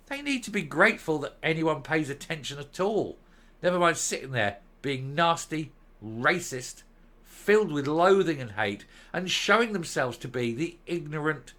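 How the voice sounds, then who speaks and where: Man, political commentator, bright forceful tone, sarcastic, scornful. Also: a little high. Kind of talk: opinionated video commentary.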